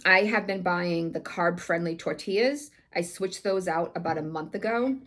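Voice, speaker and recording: A middle-aged woman talks through her recipes in a loose, chatty way, full of ums and likes. Her voice sits a little low, and she sounds eager and warmly convinced about the food she describes. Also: normal speed. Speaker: weight loss vlogger. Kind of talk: casual chat about recipes.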